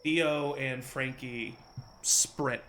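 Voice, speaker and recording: A man running a tabletop game as game master, narrating the scene in a lively, easygoing way. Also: mid-range voice, extremely slow, a little hiss or hum.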